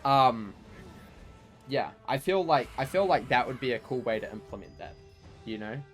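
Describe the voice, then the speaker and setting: A man's voice: mid-range voice, lively intonation, moderate pace, faint music behind. A man chatting casually on a game livestream, rambling and full of fillers. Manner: rambling, lots of "like" and "you know". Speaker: game streamer.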